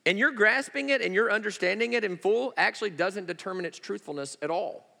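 A male pastor preaching a sermon, an animated storyteller who swings between loud, high exclamations and slow, hushed emphasis. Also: vocal fry. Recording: long reverb of a large hall.

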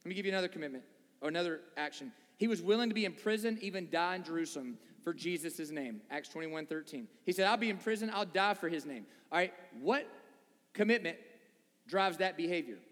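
A man's voice: a little high, fast, a bit bright. A man preaching a sermon to a congregation, conversational and full of rhetorical questions. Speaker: pastor. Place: church sanctuary before a congregation. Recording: long reverb of a large hall.

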